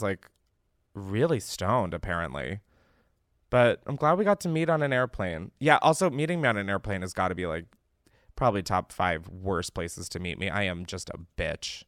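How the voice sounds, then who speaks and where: A man's voice: lowish voice, lively intonation, fairly quick, fairly bright tone, no echo. Brief: young male podcast host, casual chat, rambling and self-mocking, cusses freely, dry close sound. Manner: rambling, self-deprecating, swears a lot.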